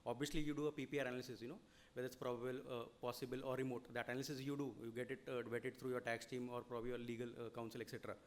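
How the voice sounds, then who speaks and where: Speaking very fast at a middle pitch and level tone, a man with an Indian English accent gives a seminar lecture on audit reporting. His explanations keep rolling, peppered with "you know" and frequent "okay?" checks.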